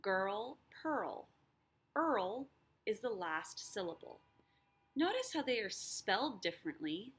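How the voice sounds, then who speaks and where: A woman teacher explaining a lesson, sounding out words slowly and clearly. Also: mid-range voice, big pitch swings. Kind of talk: recorded lesson.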